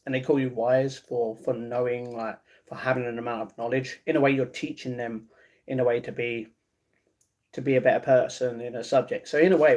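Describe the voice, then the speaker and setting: A man's voice: mid-range voice, darkish tone. A man in his twenties casually chatting on a live stream, reading viewers' comments aloud and restarting his sentences often. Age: 20s. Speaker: livestreaming vlogger.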